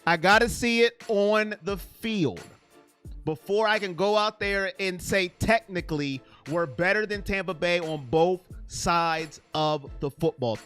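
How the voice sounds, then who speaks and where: Guy on a live stream chat, bright sharp voice, excitable and rambly. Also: high voice, measured pace, smooth, soft background music. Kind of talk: casual live chat with viewers.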